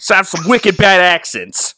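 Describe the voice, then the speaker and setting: A man putting on a loud, brash man with an exaggerated Boston accent who keeps a big pack of dogs. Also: sits high, big pitch swings, measured pace, no echo, clean studio sound, pitched above the performer's own voice, exaggerated voice. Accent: Boston impression.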